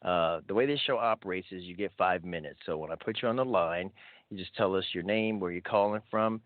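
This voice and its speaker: A man's voice: deep voice, brisk, no echo. A man hosting a call-in radio show, chatty and upbeat, often restarting his sentences. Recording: thin phone-like audio.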